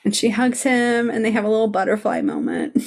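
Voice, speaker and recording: A woman's voice: a little high, steady tone, fairly quick. A woman hosting a podcast, recapping scenes in a bubbly way and laughing often. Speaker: podcast host. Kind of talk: casual chat.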